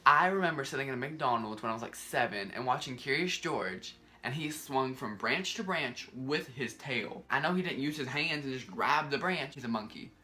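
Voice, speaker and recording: A young man, talking casually and rambling to camera in a vlog, often exasperated and animated. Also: mid-range voice, moderate pace, few pauses. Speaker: vlogger.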